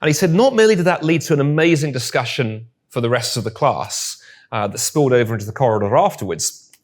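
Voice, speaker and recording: A man's voice: medium pitch, animated, fast talker. A man speaking to a live audience, telling a story with wry, humorous asides. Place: room with audience.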